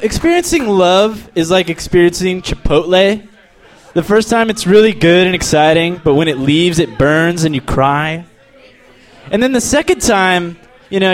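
A young man from Texas works through a crude, deadpan stand-up set, with frequent restarts and stumbles. His voice sits a bit high and swings widely in pitch. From El Paso, Texas. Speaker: stand-up comedian. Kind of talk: stand-up set and casual interview.

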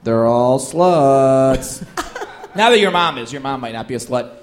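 With big swings in pitch around a medium register, a man jokes around at a fairly quick clip in a fairly bright tone. He's a stand-up comedian on as a guest, and his comic banter and stand-up material are loaded with fillers and laughs.

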